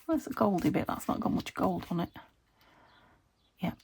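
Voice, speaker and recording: British woman vlogger, casual self-talk at a craft desk, creaky, noisy recording. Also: fairly low pitch, animated, moderate pace, darkish tone. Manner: chatty, thinks aloud, self-talking with little laughs. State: recovering from a fever. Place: home craft desk, window open. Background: traffic through an open window.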